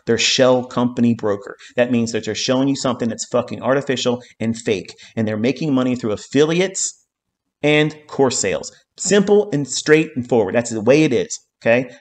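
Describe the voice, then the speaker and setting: A man teaching trading on a live stream, swearing often and hammering his points home with repeated phrases and "okay?". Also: medium pitch. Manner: heated, profanity-laden ranting with repeated phrases.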